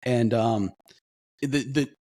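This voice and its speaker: A middle-aged man telling a long story on a podcast, animated and full of restarts. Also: medium pitch, slow. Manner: animated, acts out quoted voices, rambling restarts. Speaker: podcast co-host. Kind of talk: casual storytelling chat.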